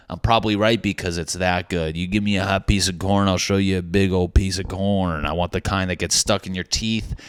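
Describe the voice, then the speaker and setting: A man's voice: deep voice, clean tone, dry recording, studio quality. A man hosting a solo comedy podcast, rambling and joking crudely with many restarts. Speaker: podcast host.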